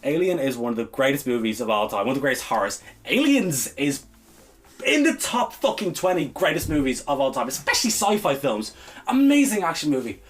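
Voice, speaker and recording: A man's voice: medium pitch, very animated, fairly quick. A man co-hosting a podcast, ranting in heated, exasperated bursts and swearing freely. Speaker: podcast co-host. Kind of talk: ranting casual chat.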